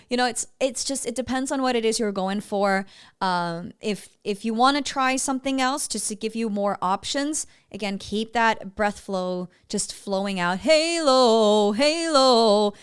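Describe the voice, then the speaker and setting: Smooth-voiced woman vocal coach. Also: medium pitch, moderate pace. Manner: explains in a chatty way and sings short demo phrases. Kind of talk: coaching feedback on singing clips.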